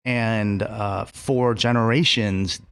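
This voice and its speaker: Chef guy chatting on a podcast, lowish voice, dry close sound, lots of ums and uhs, swears casually. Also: steady tone, slow, gravelly, clean tone, no echo. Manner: rambling, many fillers, casual swearing. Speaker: chef and restaurant co-owner. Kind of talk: casual interview conversation.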